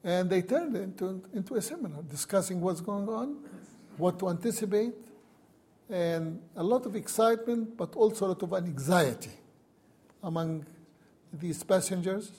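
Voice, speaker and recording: A man's voice: high voice, lively intonation, moderate pace, warm tone, breathy edge. A man, a university professor, telling a personal story and recounting events with wry chuckles.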